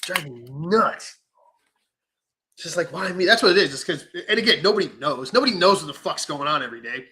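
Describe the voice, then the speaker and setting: A man, a knife maker, telling stories in casual podcast chat, animated and swearing freely while acting out what people said. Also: on the high side, brisk, rough recording. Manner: animated storytelling with profanity and acted-out quotes.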